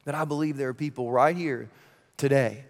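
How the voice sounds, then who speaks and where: A man in his thirties preaching a sermon as pastor, energetic and playful, dropping to a hushed, earnest tone at times. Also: mid-range voice, a little fast. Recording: reverberant church hall.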